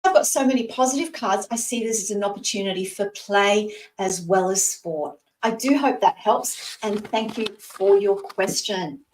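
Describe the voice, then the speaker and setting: A woman's voice: mid-range voice, moderate pace, hardly any pauses, reverberant, far from the mic, noisy background. A Scottish-born woman in her sixties giving a live tarot reading in a reassuring way, speaking to the person asking by name. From Scotland. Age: 60s. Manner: warm, reassuring, talks to the asker by name. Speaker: psychic reader.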